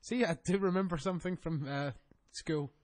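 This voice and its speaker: A man's voice: fairly high pitch, normal speed, darkish tone. A man co-hosting a wrestling podcast, joking, swearing and laughing often in casual banter.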